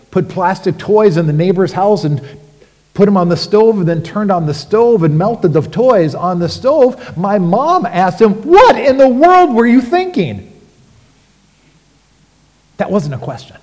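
A man preaching a sermon as pastor, animated and rhetorical, with sudden emphatic rises. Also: high voice, big-room sound.

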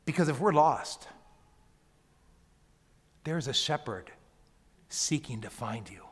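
A pastor of medium pitch, with lively intonation and a breathy edge, gives a sermon in a reverberant church sanctuary with a long hall echo. He preaches slowly and emphatically, moving from near-whispers to loud calls.

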